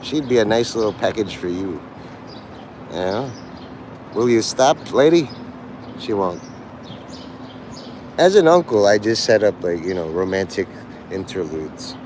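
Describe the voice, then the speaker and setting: A man's voice: lowish voice, very animated, a little slow, long pauses, darkish tone, a little hiss or hum. A man livestreaming to a chat, rambling crudely from joke to joke and breaking into laughter. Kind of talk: rambling live-stream chat.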